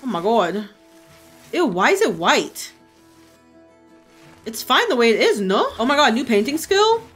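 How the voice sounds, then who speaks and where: A young woman streamer giving casual gameplay commentary, excitable, gasping and swearing freely. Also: a little high, measured pace, husky, faint music behind.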